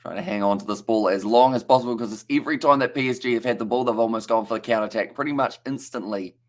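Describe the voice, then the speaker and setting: A man's voice: medium pitch, fast. A young man with a New Zealand accent giving casual live play-by-play commentary on a football match, chatting and reading out viewer comments between plays. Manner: chatty play-by-play, reads out viewer chat, stumbles on names.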